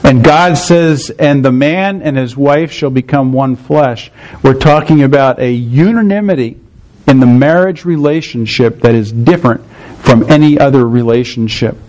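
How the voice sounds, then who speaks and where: A man's voice: mid-range voice, normal speed, darkish tone, low-quality recording. Man preaching an explanatory sermon. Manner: explanatory, checks in with listeners. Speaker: pastor.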